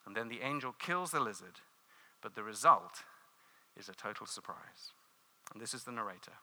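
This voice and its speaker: A man's voice: fairly low pitch, animated, moderate pace, bright, forceful tone. A man preaching a sermon, earnest and emphatic, telling a story with dramatic flair and repeated phrases.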